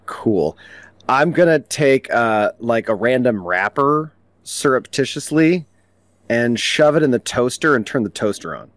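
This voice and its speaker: A man playing a tabletop role-playing game, speaking in a slow, deliberate way. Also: medium pitch, animated, no echo. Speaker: player.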